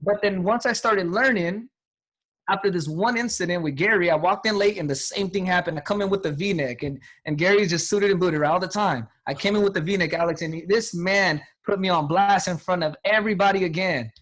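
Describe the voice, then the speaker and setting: A man in his thirties telling a motivational life story, energetic and repetitive, often acting out what others said. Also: sits high, a little fast. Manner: energetic, repetitive, quotes people in acted voices. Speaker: guest speaker.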